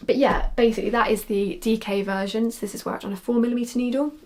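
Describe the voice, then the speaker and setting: A woman's voice: on the high side, steady tone, fast talker, a little mellow. A young woman, chatty and rambling, talking casually about her knitting projects with frequent ums and restarts. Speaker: knitwear designer podcaster.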